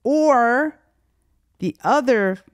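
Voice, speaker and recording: A woman's voice: fairly high pitch, expressive, drawn-out words, no echo, studio quality. A woman hosting a chat show, firing off playful this-or-that questions with a teasing edge. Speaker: host. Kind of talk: casual chat.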